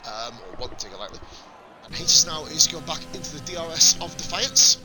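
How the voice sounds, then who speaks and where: A man's voice: fairly high pitch, animated, a little fast, over music. A man giving casual live commentary on a sim racing league stream, swearing and chatting with viewers between calls of the action. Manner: casual, sweary, rambling banter with chat. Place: home streaming setup.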